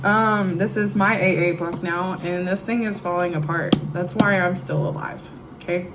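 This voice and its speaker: A middle-aged woman shares her testimony with a live audience at a recovery meeting, speaking candidly and emotionally in a conversational, storytelling way. Her voice is lowish and steady, her pace moderate, and the low-quality recording from the meeting room has loud music playing behind her.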